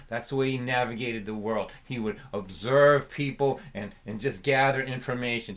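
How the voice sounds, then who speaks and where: Bright-voiced storytelling man. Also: medium pitch. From Boston area. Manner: chatty, laughs often, does voices for family. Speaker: folk singer and storyteller. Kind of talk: live-streamed storytelling.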